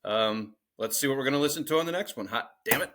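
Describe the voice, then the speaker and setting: A man's voice: medium pitch, fast, background noise. A man co-hosting a podcast in casual chat, joking crudely as he reads out a song list. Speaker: podcast co-host.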